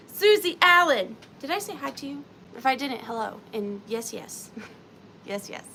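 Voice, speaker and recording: A woman with a high voice hosts a live sale stream. She chats casually with viewers, greets them one by one by name and pokes fun at herself. Her pitch bounces around a lot. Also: lively intonation, moderate pace, creaky, background noise. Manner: chatty and self-deprecating, warmly greets viewers by name. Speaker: host of an antique and vintage live sale.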